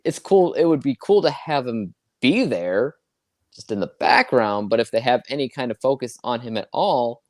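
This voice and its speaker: A man chatting as a guest, speaking in a relaxed and somewhat hesitant way at a medium pitch. The recording is dry and close. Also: moderate pace, no room sound. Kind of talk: casual chat.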